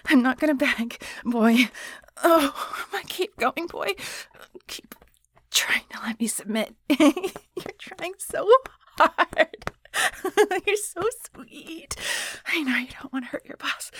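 Woman playing a defiant female boss, adult audio role-play, high voice, slow and breathy, hushed whispers. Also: no room sound, full character voice. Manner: breathy, moaning, sudden whispers.

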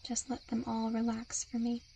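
Woman, whispered role-play, hypnotic and coaxing, very flat, higher voice, faint crickets behind. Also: moderate pace, gravelly, a little hiss or hum. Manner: soft, soothing hypnotic murmur; seductive, coaxing.

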